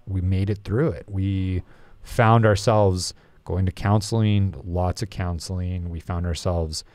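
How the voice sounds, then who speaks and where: A man who is a podcast guest, telling a personal story in a reflective, halting, confessional way. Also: low voice, steady tone, darkish tone, no room sound. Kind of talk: candid personal story in an interview.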